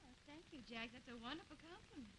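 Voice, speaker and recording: A woman's voice: sits high, animated, fast talker, a bit bright. A young woman appearing as a guest actress on a 1950s TV comedy show, speaking sweetly and playfully. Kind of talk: scripted 1950s TV comedy banter. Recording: slightly noisy 1950s TV broadcast recording.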